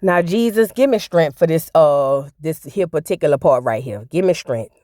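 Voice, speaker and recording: A woman's voice: low voice, expressive, normal speed, dark tone, no room sound, clean studio sound. A woman giving casual, sassy reaction commentary, telling the story in slang and acting out the people she quotes. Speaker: reality TV recap host.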